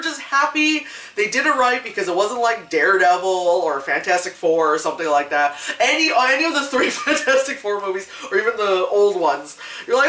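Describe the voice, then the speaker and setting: A woman reviewing a movie in casual chat, animated and laughing often, acting out other people's voices. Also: mid-range voice, a little fast. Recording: echoey room, mic at a distance.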